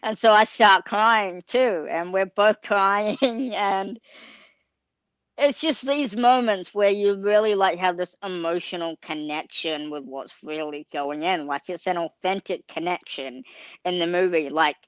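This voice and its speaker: A woman's voice: on the low side, unhurried, smooth, dry recording. Earnest young woman, fillers galore. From Australia. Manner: earnest, heavy on fillers like um, like and you know. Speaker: actor being interviewed. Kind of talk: casual anecdote telling. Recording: slightly dull lo-fi sound.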